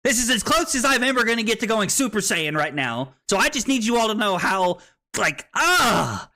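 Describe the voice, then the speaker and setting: A man's voice: high voice, big pitch swings, normal speed, pushed and bright. A tipsy man streaming a card game, joking, laughing and swearing with his chat. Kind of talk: casual livestream chat over a card game. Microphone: streaming microphone.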